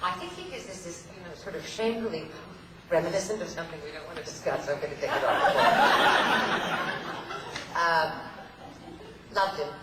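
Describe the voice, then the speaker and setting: A woman's voice: lowish voice, moderate pace, long pauses, heavy background noise. A woman telling theatrical, playful anecdotes to a convention audience, laughing often, from a stage in a large hall. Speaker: convention guest speaker. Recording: echoey hall, voice far from mic, loud ambience.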